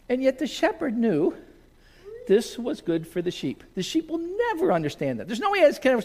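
A man's voice: sits high, fairly quick. A male pastor preaching a sermon to a congregation in a church, telling stories and acting out scenes. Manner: storytelling, animated, acts out scenes.

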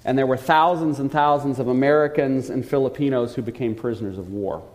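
A man preaching a sermon, telling a story earnestly and slowing down to stress key points. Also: medium pitch, darkish tone. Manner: earnest storytelling, slows for emphasis. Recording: long hall reverb.

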